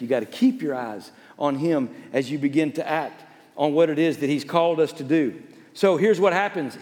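A male pastor preaching a storytelling sermon, turning from emphatic to soft and hushed. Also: high voice, long reverb tail.

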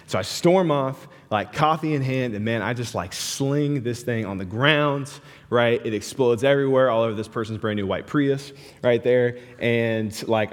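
A young man preaching a sermon, talking casually and animatedly, with lots of "like" and "right" as he tells stories. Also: medium pitch. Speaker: pastor. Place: large hall with a live audience. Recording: hall reverb.

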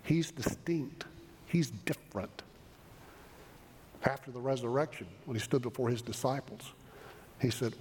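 A man's voice: medium pitch, unhurried, pauses often, a little mellow, a little hiss or hum. A man preaching a sermon, earnest and emphatic, often restarting his phrases as he explains a passage. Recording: long reverb of a large hall.

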